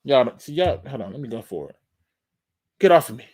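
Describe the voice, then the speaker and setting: In a husky, darkish, medium-pitched voice, a live sports talk show host speaks fairly quickly with a sing-song lilt. Emphatic and fired-up, he breaks down game film and talks right to his audience, calling them "y'all."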